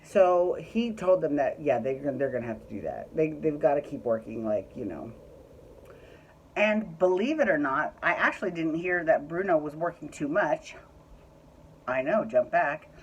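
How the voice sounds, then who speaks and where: A woman talks through last night's episode with a low voice that swoops up and down. She is chatty, blunt and quick to swear. A faint hiss of noise sits behind her. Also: expressive, dull audio. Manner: chatty, opinionated, swears freely. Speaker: recap vlogger. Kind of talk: casual reality TV recap.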